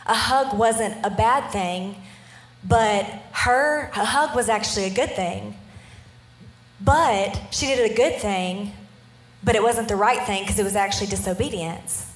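A woman in her thirties giving a storytelling sermon, animated and often checking in with her listeners. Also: medium pitch, roomy sound. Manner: animated, keeps checking in with the audience. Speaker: preacher.

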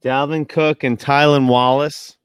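A man chatting casually as a podcast host, telling a story in an excitable, profane way and often trailing off mid-sentence. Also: medium pitch, a little slow, clear, resonant tone, dry recording. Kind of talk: casual chat. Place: at home.

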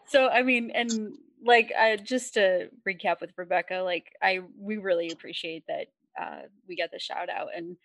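A woman's voice: lowish voice, normal speed, gravelly, few pauses, fairly bright tone, no room sound. A woman from Michigan hosting a podcast, talking in a bubbly, giggly way. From Michigan, United States. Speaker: podcast host. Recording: dry close mic.

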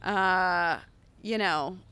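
A woman's voice: fairly low pitch, drawn-out words, bright, forceful tone, clear, resonant tone. A woman comedian from the United States telling stories in a casual podcast chat, full of likes and ums. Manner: chatty, filler-heavy storytelling. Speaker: comedian guest.

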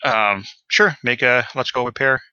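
A man narrating as game master in a tabletop game, halting with many fillers. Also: mid-range voice, pushed and bright, smooth, dry recording, dull audio.

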